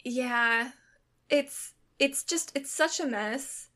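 A woman's voice: sits high, extremely slow, bright, forceful tone. Chatty woman podcast co-host. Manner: chatty, laughs often, many "like" fillers. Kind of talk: casual chat.

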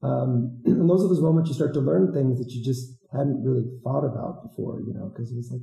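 A man who served as a volunteer teacher, telling stories in a relaxed, rambling way with many fillers and restarts. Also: mid-range voice, fairly quick, gravelly, hardly any pauses. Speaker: former Peace Corps volunteer teacher. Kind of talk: casual storytelling interview. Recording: roomy echo.

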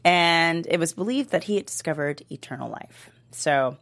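A woman's voice: low-pitched, animated, moderate pace, a bit bright. A woman co-hosting an aftershow, chatting casually and explaining at length with plenty of fillers. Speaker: aftershow co-host. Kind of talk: casual chat.

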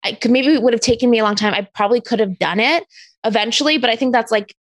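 A woman's voice: fairly high pitch, fast talker, no echo. A woman co-hosting a podcast in casual chat, laughing often and acting out what others said. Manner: laughs often, acts out quotes. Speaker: podcast co-host.

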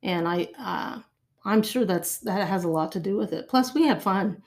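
A woman's voice: mid-range voice, normal speed, darkish tone. Earnest older woman. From Ohio, USA. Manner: earnest, reflective, restarts phrases. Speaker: guest. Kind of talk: casual conversation.

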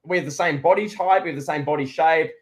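A man's voice: fairly high pitch, fast. A man co-hosting a casual wrestling review podcast, talking in a rambling, sarcastic way and often restarting his sentences. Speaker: podcast co-host.

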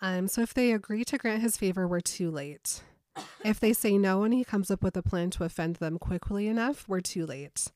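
A woman's voice: mid-range voice, moderate pace, dry recording, studio quality. A woman in casual chat, recapping a novel and acting out its lines with laughter. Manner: animated, laughs often, acts out characters' lines. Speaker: podcast co-host recapping a book. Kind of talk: casual chat, reading and acting out book passages.

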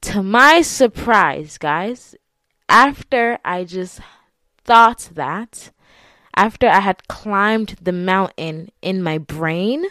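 A woman's voice: mid-range voice, animated, very slow, sharp tone, no echo, clean studio sound. A young woman telling a personal story to her viewers in a candid, chatty way, with frequent laughs and filler words. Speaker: vlogger. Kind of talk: casual confessional storytelling to camera.

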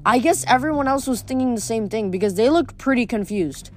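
A woman's voice: a little high, expressive, brisk, few pauses, soft background music. A woman reading a novel aloud in a plain voice, with small stumbles and self-corrections. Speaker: audiobook reader.

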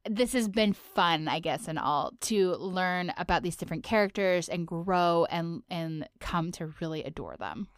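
A woman's voice: lowish voice, animated, a little slow, hardly any pauses, no room sound, studio quality. A woman co-hosting a casual chat, rambling with lots of filler words and giggling. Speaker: podcast co-host.

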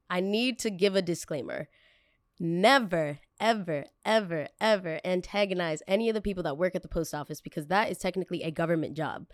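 A woman hosting a podcast, telling a personal story in a casual, animated way and acting out what people said. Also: on the low side, dry recording, clean studio sound. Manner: animated, acts out quotes, many fillers. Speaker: podcast host.

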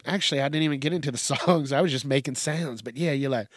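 A man's voice: mid-range voice, quick pace, few pauses, no echo, clean studio sound. A man hosting a solo podcast, rambling casually with a lot of swearing and laughing at his own tangents. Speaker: podcast host.

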